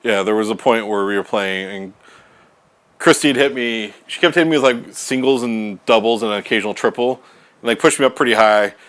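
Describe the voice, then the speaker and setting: A man co-hosting a casual gaming stream, joking around and telling stories in an animated way. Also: lowish voice, fairly quick. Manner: joking storyteller, acts out quotes. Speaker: co-host.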